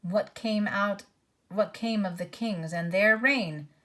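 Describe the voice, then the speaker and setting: A woman voicing a bitter, defiant male dwarf with a low, cold, grumbling tone, reading a storybook. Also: slow, a bit bright.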